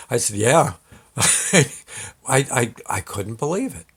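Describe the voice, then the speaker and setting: A man's voice: mid-range voice, very animated, slow, a bit bright, husky. A man hosting his own show, telling a personal story in a rambling, folksy way with many fillers and restarts. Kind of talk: casual storytelling.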